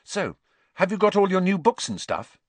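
A man's voice: high voice, big pitch swings, moderate pace, dry recording, voice pushed up, heavily acted. A man voicing a modest teenage boy who speaks sincerely, a little sheepish.

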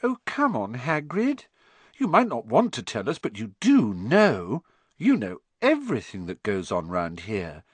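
A man's voice: high voice, big pitch swings, normal speed, hardly any pauses, fairly bright tone, no room sound, voice pushed up, full character voice. A man voicing a clever, earnest, bossy schoolgirl in an audiobook reading. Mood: coaxing. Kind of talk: audiobook character voice.

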